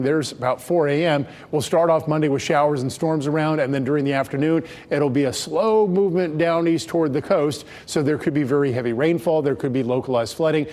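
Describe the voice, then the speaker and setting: A man presenting a local TV weather forecast in a brisk, conversational way. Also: on the high side, darkish tone. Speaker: meteorologist.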